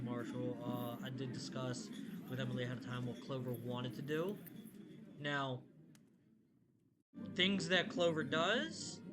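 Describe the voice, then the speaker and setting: A man running a tabletop game as game master, speaking hesitantly with many ums and pauses. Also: on the high side, noisy background. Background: music.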